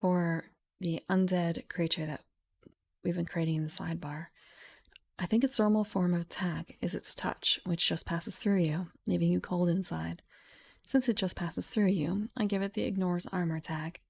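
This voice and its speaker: Husky low-voiced woman, half-whispering. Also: steady tone, normal speed. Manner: soft and half-whispered, chatty asides. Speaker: streamer. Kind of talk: soft-spoken reading of a game rulebook. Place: at home. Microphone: studio mic with pop filter.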